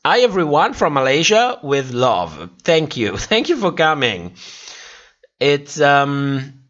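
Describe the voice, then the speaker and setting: A man's voice: a little high, huge pitch swings, slow pace, fairly bright tone, dull audio. A tired man hosting a livestream, casually chatting and reacting to viewers' comments while laughing often. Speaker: livestream host. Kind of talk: casual chat reading live comments.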